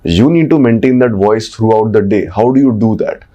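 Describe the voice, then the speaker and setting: Deep, mellow Indian coaching voice. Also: male voice, a little fast, dull audio. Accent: Indian English. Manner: explanatory, coaching tone with frequent "right?" checks. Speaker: communication coach. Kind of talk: podcast conversation.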